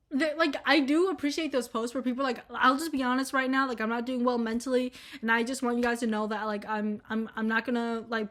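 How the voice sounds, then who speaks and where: The speaker is a young adult woman in college who vlogs casually and candidly, meandering, cursing, and dropping fillers throughout. She has a higher voice with a fairly bright tone.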